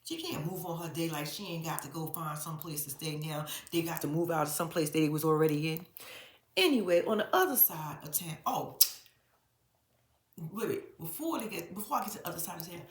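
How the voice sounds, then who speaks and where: A woman's voice: sits low, fairly quick. A woman rants through a reality-show recap, blunt and profane, her voice swinging widely up and down. She talks straight to her viewers in a casual vlog voice. The room around her rings with echo. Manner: blunt, profane, animated ranting. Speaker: reality TV commentator.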